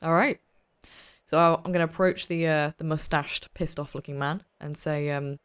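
A woman playing a tabletop role-playing game, excitable and chatty, laughing often. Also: sits low, normal speed, clear, resonant tone. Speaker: player. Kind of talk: tabletop role-play chat.

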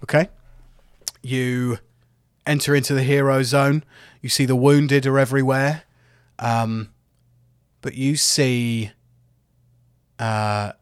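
Man, game master, slow easy delivery, dry sound. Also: medium pitch, smooth, dry recording. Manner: relaxed, laid-back narration with fillers. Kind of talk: narrating a tabletop game.

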